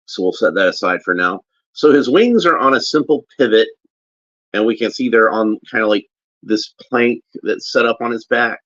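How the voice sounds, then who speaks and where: A man giving casual, halting unboxing commentary as a toy reviewer, often restarting as he handles a figure. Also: mid-range voice, fairly bright tone, no room sound. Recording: dull lo-fi recording.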